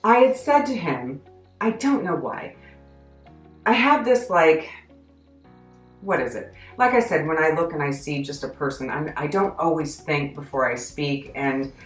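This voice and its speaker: Woman vlogger, low-pitched, chatty and self-deprecating storyteller, roomy echo. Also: a little slow, faint music behind. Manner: chatty, self-deprecating, animated, with frequent laughs. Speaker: vlogger recounting a job story. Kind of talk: casual storytelling vlog. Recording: echoey room.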